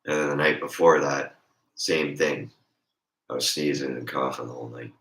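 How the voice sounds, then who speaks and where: A hoarse, congested man with a raspy voice, rambling and joking in a casual chat as a streamer. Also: very deep voice, flat delivery, normal speed, fairly bright tone, reverberant.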